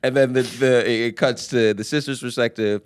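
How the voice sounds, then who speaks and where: A man co-hosting a podcast, chatting casually and excitedly, swearing and acting out quotes from a film. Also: mid-range voice, moderate pace, clean tone. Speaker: podcast co-host. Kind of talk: casual chat.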